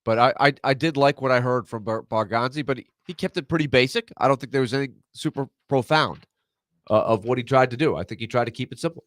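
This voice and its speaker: A man's voice: medium pitch, a bit bright, no echo, studio quality. Congested, nasal-sounding male radio co-host. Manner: halting, with many fillers and restarts. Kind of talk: radio talk show discussion.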